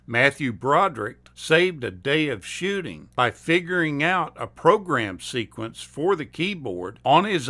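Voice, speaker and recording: Male host, scripted trivia narration, slow and bright-toned. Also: medium pitch.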